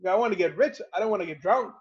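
A man's voice: high-pitched, animated, rapid-fire, muffled recording. A man voicing an eager young man who begs to learn how to succeed, told as part of a story in a lesson. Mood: exasperated. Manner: pleading storytelling quotes.

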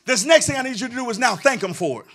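A male pastor preaching a sermon in a church, moving into a sing-song, shouted cadence and calling on the congregation to answer back. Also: extremely high pitch, sing-song, quick pace, noisy background. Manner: call-and-response with the congregation. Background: music.

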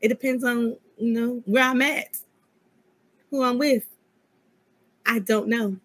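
A woman's voice: a little high, steady tone, takes it slowly, a bit bright, no echo. A woman guest in a casual interview chat, talking in a sassy, candid way.

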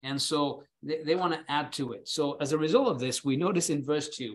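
A man's voice: fairly high pitch, brisk, hardly any pauses. A male preacher delivering a sermon in an earnest, emphatic way, often repeating words as he stresses a point.

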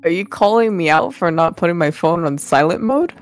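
A woman artist chatting casually on a stream, relaxed, laughing easily and trailing off mid-sentence. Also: on the low side, brisk, faint music behind. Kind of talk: casual chat.

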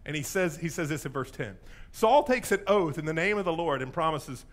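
Pastor preaching, high voice, wide swings, playful storyteller. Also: male voice, animated, brisk. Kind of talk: sermon.

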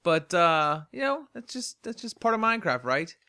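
A man's voice: high voice, very animated, normal speed, background noise. A tired man hosting a game let's play, rambling chattily to himself in casual commentary as he plays. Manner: rambling, chatty, talks to himself while playing. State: tired and yawning.

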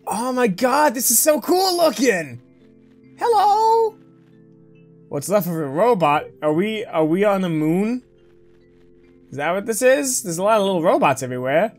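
Excitable woman commenting on a game. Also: mid-range voice, normal speed, faint music behind. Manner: playful, excitable, joking. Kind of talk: let's play commentary.

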